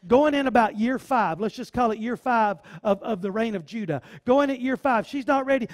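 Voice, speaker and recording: A man's voice: very high voice, normal speed, few pauses. A male pastor preaching a sermon, fervent and repetitive, with folksy sayings.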